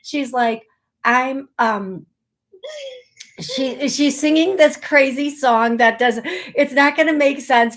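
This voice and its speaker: Gentle, consoling woman medium, high voice. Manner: gentle, consoling, talks in rushes with restarts. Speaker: psychic medium host. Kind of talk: live online show, relaying messages.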